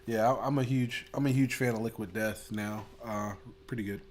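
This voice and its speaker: A man in a relaxed podcast conversation, co-hosting with an excitable, jokey delivery. He laughs often and swears casually as he talks. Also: lowish voice, moderate pace, slight background noise. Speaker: podcast co-host. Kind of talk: casual chat.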